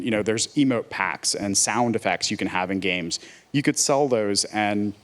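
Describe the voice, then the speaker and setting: A man speaking as a panelist on a theater stage, earnest and opinionated, with frequent fillers. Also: fairly low pitch. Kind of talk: conference panel discussion.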